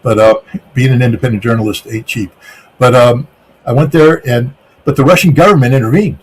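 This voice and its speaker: A man's voice: mid-range voice, fairly quick, slight background noise. A man from the United States answering interview questions, speaking emphatically with repeated words and frequent restarts. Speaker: guest.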